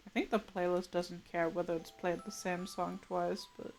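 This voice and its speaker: A woman's voice: on the low side, level tone, normal speed, vocal fry. A woman streaming live, chatting casually and laughing often while she mutters to herself over her drawing. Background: soft game music.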